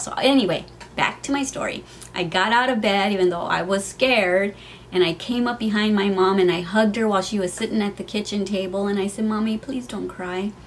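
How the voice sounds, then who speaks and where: A woman's voice: mid-range voice, a little hiss or hum. A middle-aged woman vlogging from her home, telling a heartfelt personal story in a chatty way, with many fillers.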